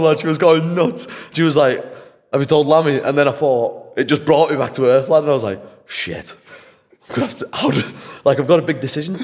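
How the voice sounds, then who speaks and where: A young man from England, a podcast guest, telling a story in an animated, casual, slangy way and swearing freely. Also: a little high. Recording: long hall reverb.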